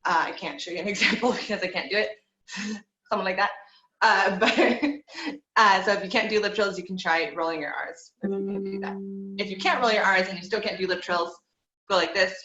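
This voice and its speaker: A woman's voice: mid-range voice, fairly even intonation, brisk, bright, forceful tone, roomy sound, a little hiss or hum. A woman teaching a group voice lesson over a video call, coaching in an easy, encouraging way with plenty of fillers.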